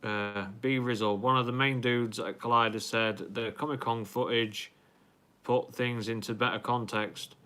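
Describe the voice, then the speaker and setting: A man's voice: medium pitch, steady tone, a little slow, bright, forceful tone. A young man hosting a casual live stream, reading out viewer comments in a rambling way with many ums and restarts.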